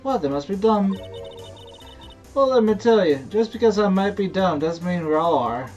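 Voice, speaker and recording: A game voice actor voicing a feisty, folksy Southern woman photographer with a drawl, talking loud and quick to bristle. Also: mid-range voice, animated, muffled recording, soft background music, voice pushed up, natural voice. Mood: huffy. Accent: American Southern drawl.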